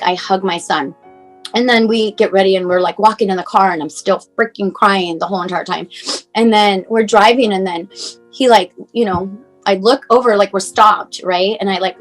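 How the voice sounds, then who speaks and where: A mother in her forties recounts a hard stretch of her son's life in a loose, rambling way, leaning on fillers and quoting the people she spoke with. Her voice sits at an ordinary middle pitch for a woman. Soft music plays faintly behind her. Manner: rambling, many fillers, acts out phone calls. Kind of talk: emotional personal storytelling.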